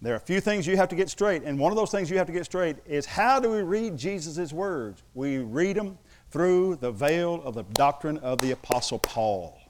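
A man's voice: fairly high pitch, lively intonation, moderate pace, a little hiss or hum. Emphatic preacher man delivering a sermon. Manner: emphatic, with humorous asides. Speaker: pastor.

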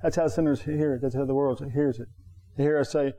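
Mellow-voiced preacher man, emphatic and repetitive. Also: fairly even intonation, fast, creaky. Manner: emphatic, repeats phrases for effect; jumps higher in pitch on key points. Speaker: pastor. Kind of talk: preaching sermon.

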